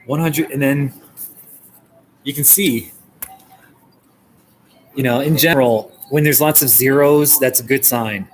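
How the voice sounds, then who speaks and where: A man's voice: medium pitch, unhurried, long pauses, a little hiss or hum, rough recording. Chatty man with a New Jersey accent. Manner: chatty, joking, reads viewer comments. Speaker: live streamer. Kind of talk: casual live-stream chat. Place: coffee shop.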